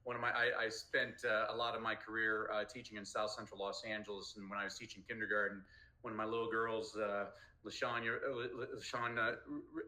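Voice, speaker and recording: Bright, jokey male storyteller. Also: lowish voice, level tone, fairly quick, low-quality recording. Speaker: guest speaker and author. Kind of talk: storytelling interview answers.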